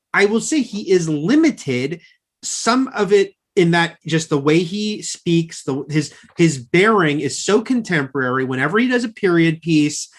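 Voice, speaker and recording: A man's voice: high voice, a bit bright. A man with a Californian accent co-hosting a podcast, chatting casually about movies, hedging and correcting himself often and laughing easily. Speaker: podcast co-host.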